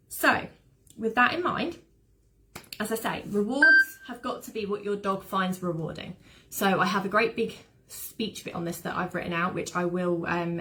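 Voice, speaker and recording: A woman's voice: medium pitch, fairly bright tone. A woman who trains dogs, giving an informal, rambling online talk full of anecdotes. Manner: chatty, rambling, fond of anecdotes. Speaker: dog behaviour trainer.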